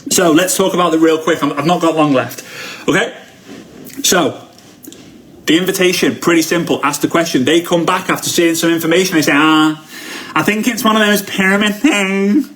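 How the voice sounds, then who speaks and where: A man in his thirties gives a live-streamed sales training talk as a motivational speaker, telling energetic stories and acting out the quotes. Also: on the high side, a little hiss or hum. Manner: energetic storyteller who acts out quotes.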